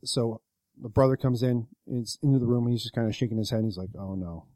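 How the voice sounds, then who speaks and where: A man's voice: mid-range voice, fairly even intonation, fast talker, warm tone, dry recording. A man on a podcast casually retelling a story, rambling with many fillers and acting out what people said. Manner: rambling retelling with many likes and quoted voices. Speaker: podcast co-host.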